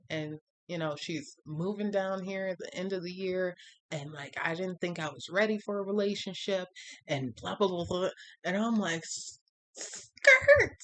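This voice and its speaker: A woman vlogger talking candidly about her own dating life in a rambling monologue with many fillers, her voice jumping higher whenever she quotes someone. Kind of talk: personal storytime monologue.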